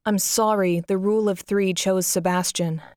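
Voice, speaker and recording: A woman voicing a stern but caring middle-aged father in a firm, slightly lowered voice. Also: fairly even intonation, moderate pace, darkish tone, no echo, studio quality, natural voice.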